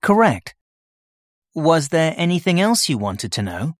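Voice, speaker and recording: A man's voice: on the high side, big pitch swings, a little slow, no echo, clean studio sound. A man as a workshop tutor in a scripted listening-test dialogue, explaining his plans plainly. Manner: explains plans plainly, answers questions readily.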